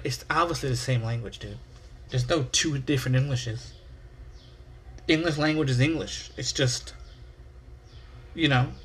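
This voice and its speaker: A man's voice: mid-range voice, fairly bright tone. American guy rambling on his podcast, swears a lot, makes fun of himself, faint ambient hiss. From United States. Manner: rambling, profane, self-mocking. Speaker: podcast host. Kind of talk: casual solo podcast rambling.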